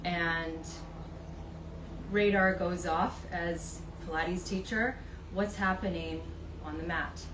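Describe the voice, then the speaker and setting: Slow-speaking woman host, roomy sound. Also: lowish voice, steady tone, background noise. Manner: gentle, unhurried, many ums. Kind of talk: casual live interview chat. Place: in Vancouver. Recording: echoey room, voice from a distance.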